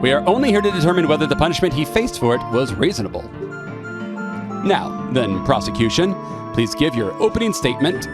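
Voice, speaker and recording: A man's voice: a little high, sing-song, a little fast, over loud music. A man voicing a pompous old male judge who speaks formally and dryly. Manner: formal, dry.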